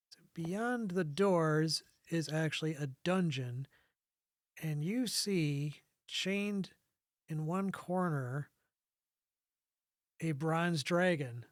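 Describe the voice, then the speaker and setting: GM, man, fairly high voice, dry close sound, muses aloud while describing scenes. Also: dry recording. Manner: thinking aloud with pauses and restarts. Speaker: game master. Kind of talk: describing scenes in a tabletop game.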